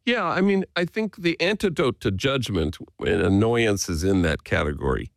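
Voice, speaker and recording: A man's voice: lowish voice, moderate pace, creaky, no echo. A man who is a Jesuit priest, telling stories in an interview and acting out the voices of people he quotes. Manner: animated, acts out quoted voices. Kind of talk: storytelling in a radio interview.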